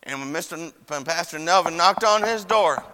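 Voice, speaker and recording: Preaching to a chapel that rings with long reverb, this young man speaks in a fairly high, bright, forceful voice at a fairly quick clip. His sermon leans on homespun storytelling, heavy with fillers and voices he quotes.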